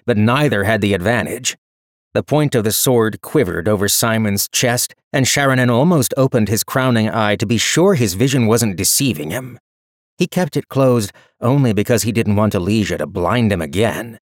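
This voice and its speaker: Low-voiced man narrating a story. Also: no echo, clean studio sound. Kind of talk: scripted narration.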